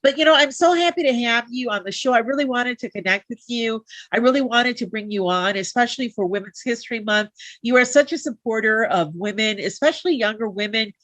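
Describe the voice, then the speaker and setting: A woman's voice: fairly high pitch, fairly quick, fairly bright tone, no room sound. A woman hosting a live interview show, heartfelt and chatty, with many fillers. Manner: heartfelt, lots of fillers and restarts. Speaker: talk show host.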